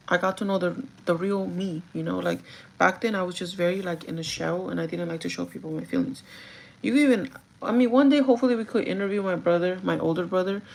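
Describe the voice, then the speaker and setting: In a creaky voice on the low side, a young woman confides in her viewers during a casual get-ready-with-me stream. She leans heavily on "like" and slips in some Spanish words. The recording quality is low.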